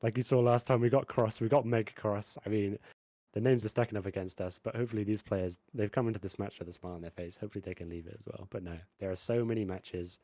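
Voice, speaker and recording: Easygoing esports co-caster. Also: male voice, on the low side, fairly even intonation, quick pace, warm tone, no room sound. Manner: easygoing, hesitant, filler-heavy. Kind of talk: live esports commentary.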